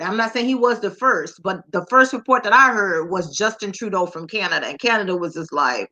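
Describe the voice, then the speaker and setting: A woman's voice: on the high side, sharp tone. A woman giving impassioned social commentary, talking straight to her audience with emphatic repetition and rhetorical questions. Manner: direct address to the audience.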